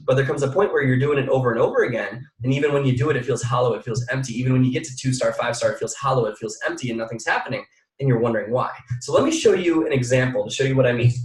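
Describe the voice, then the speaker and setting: A young man giving a motivational training talk, emphatic and energetic, speaking straight to his audience and hammering phrases through repetition. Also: medium pitch. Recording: echoey room, mic at a distance.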